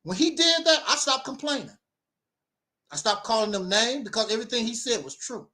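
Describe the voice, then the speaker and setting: A man's voice: extremely high pitch, animated, fairly quick, bright, forceful tone. A man telling a personal story in casual conversation, rambling and repeating his phrases. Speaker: guest sharing his story.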